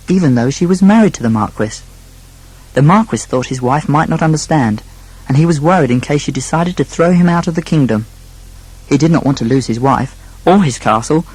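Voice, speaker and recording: A man narrating a children's storybook, speaking gently to a young listener. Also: a little high, breathy edge, rough recording.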